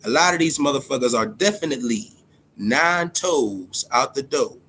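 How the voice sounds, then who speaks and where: A man's voice: medium pitch, animated, moderate pace, a bit bright, breathy edge. A man hosting a casual boxing livestream, talking loosely and profanely and greeting viewers in the chat by name. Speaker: boxing podcast host.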